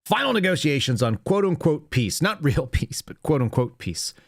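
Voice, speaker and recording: A man's voice: a little high, big pitch swings, moderate pace, no echo, clean studio sound. A male podcast host giving wry, sarcastic commentary while reading headlines aloud. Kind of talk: live-stream commentary.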